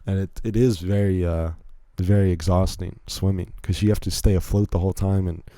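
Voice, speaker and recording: A young man talks casually into a close mic, his low voice dark and mellow. He rambles and corrects himself often, poking fun at himself as he goes. The sound is dry, with no room echo. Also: steady tone, brisk. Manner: rambling, self-deprecating, many restarts. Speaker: podcast host. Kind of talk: casual monologue.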